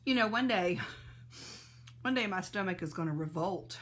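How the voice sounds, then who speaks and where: A woman's voice: on the low side, expressive, moderate pace, pauses often, a bit bright. A woman hosting a casual live stream, greeting viewers by name and laughing often, a little sneezy and teary-eyed.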